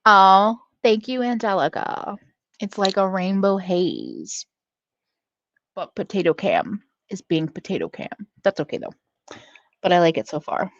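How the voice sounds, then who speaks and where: A woman's voice: medium pitch, animated, measured pace, no room sound, highs cut off. A woman hosting a casual livestream, reading out chat, laughing often and swearing freely. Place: at home.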